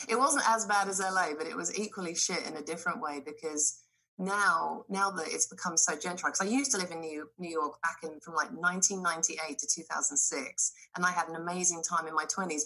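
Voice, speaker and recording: Woman, bright voice, animated storyteller, casual podcast chat, swears and laughs freely. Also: on the low side, breathy edge. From Britain. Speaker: guest.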